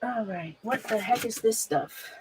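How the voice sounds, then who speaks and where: Chatty middle-aged woman, a touch high. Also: a little slow, a little mellow, slight background noise, poor audio. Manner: chatty, rambling, greets viewers by name. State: nervous and shaky. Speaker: livestreamer. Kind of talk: casual livestream chat while sorting a closet.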